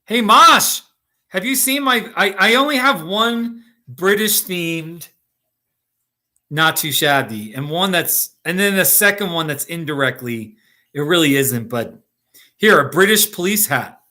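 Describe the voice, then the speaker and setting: Chatty middle-aged man with a bright voice. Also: sits high, lively intonation, measured pace. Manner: chatty, laughs often, talks to viewers by name. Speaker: livestream host. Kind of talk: casual live chat reading comments. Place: Colorado.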